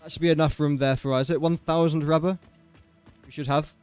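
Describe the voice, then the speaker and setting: A man's voice: a little high, fairly even intonation, fairly quick, darkish tone, clear, resonant tone, soft background music. A young man casually commentating his gameplay on a livestream, chatty and joking at his own expense. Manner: chatty, self-mocking, joking asides. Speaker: gaming livestreamer.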